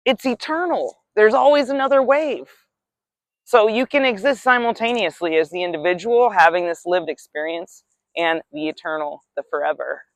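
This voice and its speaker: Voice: mid-range voice, a bit bright, no room sound. A spiritual vlogger musing casually at a beach, rambling and reflective, with the odd swear word.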